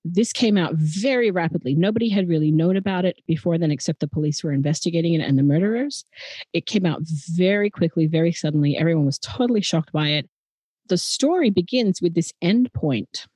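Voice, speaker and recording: This Adelaide podcast co-host, Australian-accented, walks through a true-crime story earnestly and conversationally. She speaks briskly and expressively in a fairly low, warm, slightly rough voice, with no echo.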